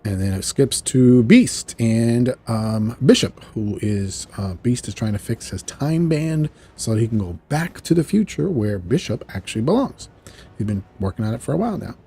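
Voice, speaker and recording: Man, casual reviewer, chatty, mellow voice, a bit husky. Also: mid-range voice, expressive, moderate pace. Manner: chatty and loose, with frequent fillers and laughs. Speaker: video reviewer. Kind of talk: casual recap of a cartoon episode.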